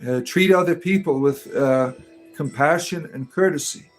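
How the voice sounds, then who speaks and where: A man's voice: a little high, moderate pace, soft background music. A man hosting a casual livestream and chatting with his viewers in a rambling, teasing way, full of ums and uhs. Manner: rambling, teasing, many fillers. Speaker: livestream host.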